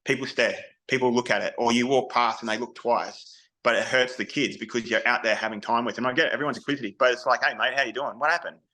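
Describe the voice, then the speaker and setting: An Australian man talks candidly as a guest on an interview, his voice bright and forceful, with a middling pitch. He tells his stories in a frank, loose way and often restarts his sentences as he goes. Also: steady tone, fast talker, rough recording. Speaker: podcast guest, army veteran. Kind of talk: casual interview storytelling.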